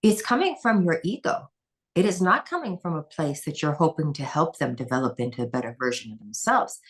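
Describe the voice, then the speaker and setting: A woman's voice: low-pitched, expressive, brisk. A woman who is a former head gymnastics coach, talking passionately and emphatically as a podcast guest. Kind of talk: podcast conversation.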